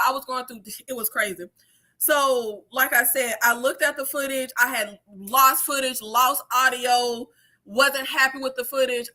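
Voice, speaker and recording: High, bright-voiced woman chatting animatedly. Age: 30s. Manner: animated, swearing freely, laughing, using many fillers. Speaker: YouTube creator. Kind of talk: casual livestream chat.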